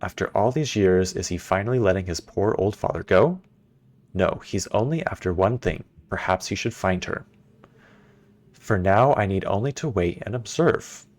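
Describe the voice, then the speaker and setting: A man's voice: low-pitched, animated, normal speed, darkish tone. A man reading aloud as an arrogant older tyrant who writes scornful journal entries in a game. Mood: haughty.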